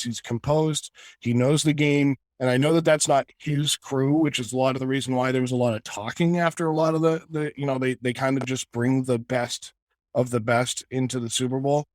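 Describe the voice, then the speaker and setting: A man with a medium-pitched voice co-hosts a casual sports podcast, ranting fervently and tripping over frequent restarts while making his point. There's no echo on the recording.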